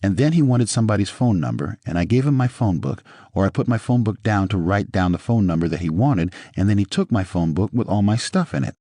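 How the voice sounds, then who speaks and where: A man's voice: fairly low pitch, lively intonation, brisk, hardly any pauses, warm tone, dry recording, clean studio sound. A man voicing a frightened woman calling the police, pleading in repeated appeals.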